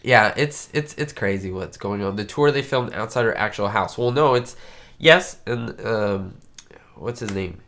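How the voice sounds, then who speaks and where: A YouTube host runs a live-stream chat from a webcam setup, sounding sick and congested, his voice nasal from a cold. He rambles chattily with lots of fillers, speaking a little slowly in a lowish, slightly bright voice.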